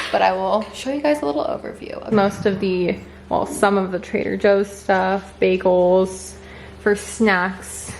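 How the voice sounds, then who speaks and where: A young woman chats to her camera in a casual vlog, quick to move on and full of little fillers. Her voice sits at an ordinary middle pitch. Steady background noise runs under the recording. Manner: chatty, filler-heavy and rushed; hushed and quiet. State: sniffly with allergies. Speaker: vlogger.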